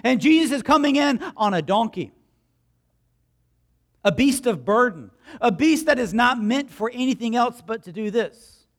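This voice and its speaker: A pastor gives a lively, conversational sermon and acts out the people and crowds in his stories. His voice sits high for a man, his delivery is unhurried with frequent pauses, and he asks the congregation questions along the way.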